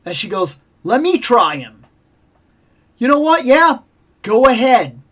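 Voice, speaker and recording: A woman hosting a toy collecting vlog, telling a lively, opinionated story about a video game and acting out its sounds. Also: on the high side, takes it slowly. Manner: animated, acts out game sounds and voices; passionate, opinionated about games. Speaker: toy collecting channel host.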